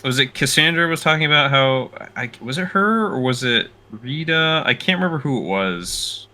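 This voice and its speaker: Male co-host, very bright and sharp tone, halting delivery with lots of fillers, laughs easily. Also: mid-range voice, expressive. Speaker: co-host of a reaction show. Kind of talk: casual chat, reaction commentary.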